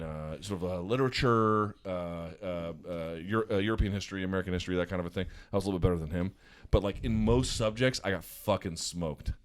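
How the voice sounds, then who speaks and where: A man co-hosting a podcast in casual chat, telling stories in an animated, profane way from a hotel room. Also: low-pitched. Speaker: podcast co-host.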